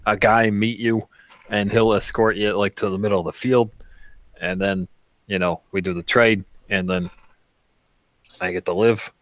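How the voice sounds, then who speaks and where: A man's voice: fairly low pitch, fairly even intonation, normal speed, pauses often, fairly bright tone, no echo, close to an everyday voice. A man voicing a nervous young captive on the phone, stammering and full of fillers. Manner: stammering, filler-heavy, anxious.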